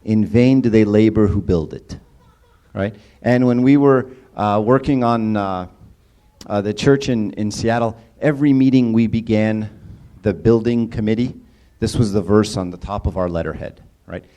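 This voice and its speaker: A man talks through a sermon in a relaxed, conversational way, with a warm, dark tone. He keeps drawing listeners in with questions and a habitual "right?" tag. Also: fairly low pitch, moderate pace. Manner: casual, engages audience with questions and repeated "right?". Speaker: church speaker.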